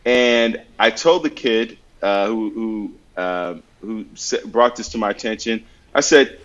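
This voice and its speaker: A man's voice: fairly low pitch, slow, hardly any pauses. Earnest man giving advice, lo-fi. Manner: earnest, storytelling with acted-out examples. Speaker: podcast guest giving mental health advice. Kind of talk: conversational advice with anecdotes.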